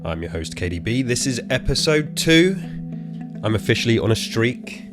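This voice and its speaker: A British man in his thirties hosting a casual solo gaming podcast from a quiet room at home, rambling and slightly out of breath. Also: mid-range voice, very animated, moderate pace, over music. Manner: rambling, chatty, self-correcting asides. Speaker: podcast host.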